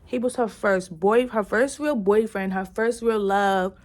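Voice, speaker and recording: A woman chatting casually in a book review, retelling scenes excitedly with lots of "like"s and restarts, and cursing bluntly. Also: medium pitch, measured pace. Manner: blunt, curses freely.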